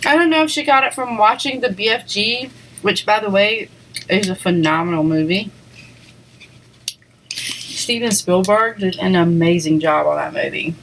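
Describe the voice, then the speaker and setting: This woman eats on camera and keeps up a casual eating vlog chat, drifting from topic to topic between bites as small eating sounds come through. Her mid-range voice is a bit bright and moves at a moderate pace. The low-quality recording carries slight background noise.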